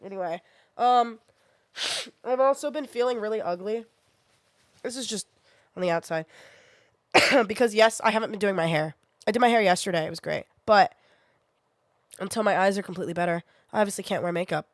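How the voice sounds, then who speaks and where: With a mid-range voice and no echo, a young woman streamer chats casually despite a sore throat. She's blunt, quick to vent, and swears a lot.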